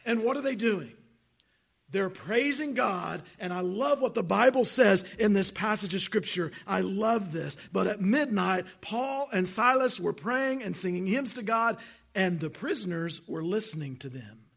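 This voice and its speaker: A man's voice: high voice, lively intonation, measured pace, gravelly, a bit bright. A man preaching a sermon as pastor, earnest and full of rhetorical questions.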